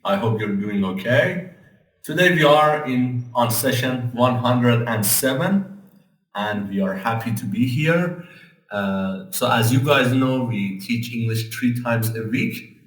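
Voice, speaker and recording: A man's voice: mid-range voice, expressive, takes it slowly. A man teaching an English lesson, patiently explaining grammar and pronunciation step by step. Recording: echoey room, mic at a distance.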